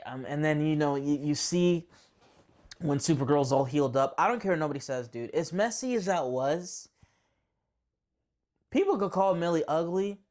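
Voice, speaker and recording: A man reviewing a movie in a loose, chatty way. He gets excited and rambles, restarts his sentences often and drops slangy asides along the way. His pitch sits in a middle range. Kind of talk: casual spoken movie review.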